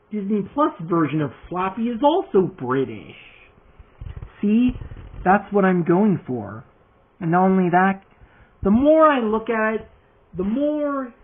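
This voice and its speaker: Male vlogger with a lisp, husky and a touch high, slow rambling chat, phone-quality sound. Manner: rambling, chatty asides. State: under the weather. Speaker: toy customizer vlogger. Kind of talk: casual vlog talk. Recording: tinny phone-like audio.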